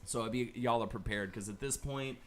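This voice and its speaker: A man hosting a live stream, chatting casually and loosely with plenty of swearing while pitching donations. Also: fairly quick, noisy background. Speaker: stream host.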